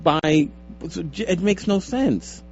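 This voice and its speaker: A man's voice: high voice, lively intonation, slow, highs cut off, soft background music. A young man co-hosting a casual radio show, joking and teasing with many stammered restarts, talking into a studio mic with headphones. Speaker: radio co-host. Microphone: studio microphone with headphones.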